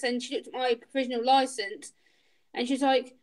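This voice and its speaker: A chatty woman in her late twenties, her voice sitting a little high, tells anecdotes in a relaxed group conversation. She switches into the other people's lines as she retells what was said. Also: fast talker. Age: 20s. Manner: chatty storyteller, acts out both sides of dialogues. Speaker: autism trainer. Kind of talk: casual group chat.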